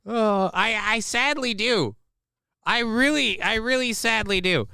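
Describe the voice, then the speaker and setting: This man's voice is high-pitched, bright, and sharp-edged, coming across crisp and smooth as he hosts a casual live stream at an unhurried pace. Rambling and self-mocking, he curses liberally, recorded close to the mic in a dry sound with no reverb.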